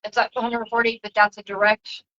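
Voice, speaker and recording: A woman talking casually on her own broadcast as a spiritual channeler, soft and reflective, drifting from one thought to the next. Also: a little high, little pitch movement, quick pace, highs cut off. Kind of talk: casual spiritual livestream talk.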